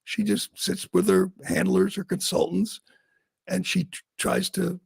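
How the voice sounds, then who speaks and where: A man's voice: high voice, flat delivery, vocal fry, slightly rough, dry recording, studio quality. A man hosting a talk show, delivering sarcastic, mocking political commentary. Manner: sarcastic, mocking, quick asides with laughs. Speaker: talk radio host.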